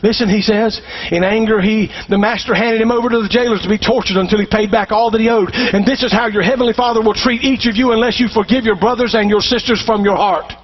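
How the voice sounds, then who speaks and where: A man preaching a sermon as pastor, calling on the congregation to answer back and building up to shouted passages. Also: high-pitched, steady tone, quick pace, few pauses, husky, muffled recording. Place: church sanctuary.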